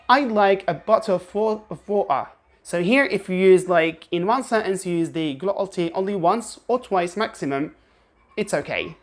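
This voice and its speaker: Woman with a lowish voice, running a pronunciation lesson, drills words slowly. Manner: slow, drawn-out example words repeated for practice. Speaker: English pronunciation teacher.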